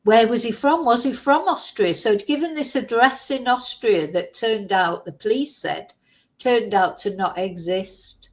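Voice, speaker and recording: A woman's voice: on the high side, a little slow, low-quality recording. A woman vlogger in casual chat, thinking aloud and musing through lots of rhetorical questions.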